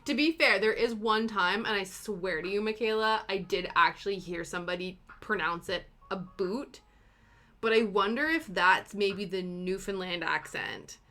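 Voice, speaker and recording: A woman's voice: mid-range voice, moderate pace, few pauses, bright, forceful tone. A young woman, chatting casually with viewers while she stitches and sometimes counting stitches under her breath. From Canada. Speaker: cross-stitch streamer.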